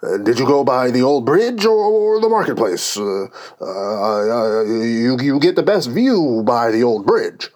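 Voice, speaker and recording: A man's voice: mid-range voice, very animated, a little slow, darkish tone. A man voicing a nervous old king who stammers in a storybook reading. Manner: quivering, stammering.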